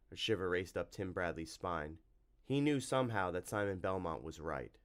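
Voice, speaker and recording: Man, audiobook narrator, wry lively storytelling, fairly low voice. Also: moderate pace. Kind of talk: audiobook reading.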